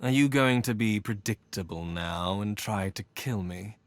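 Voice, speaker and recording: A man's voice: fairly low pitch, measured pace, dry recording, lightly acted. An actor playing a seductive male con-man lover who teases and condescends in a video game. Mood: teasing. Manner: teasing, purring, condescending.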